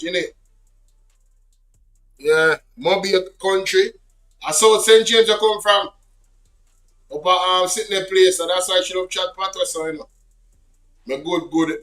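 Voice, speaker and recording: A man's voice: fairly high pitch, a little slow, long pauses, fairly bright tone, distant mic, faint music behind, poor audio. A Jamaican man hosting his channel, chatting casually and switching between patois and English. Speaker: channel host. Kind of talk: casual commentary.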